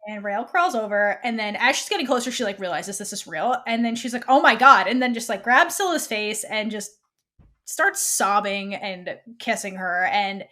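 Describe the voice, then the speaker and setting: A woman co-hosting a fan podcast, retelling a TV episode in a casual, animated way and quoting the characters' lines. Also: medium pitch, normal speed. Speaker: podcast co-host.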